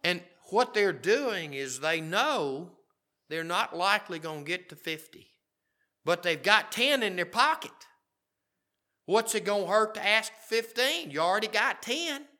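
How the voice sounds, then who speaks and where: A man's voice: sits high, animated, measured pace, pushed and bright. A middle-aged man preaching a sermon, reading scripture aloud and commenting on it in a conversational way. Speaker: pastor.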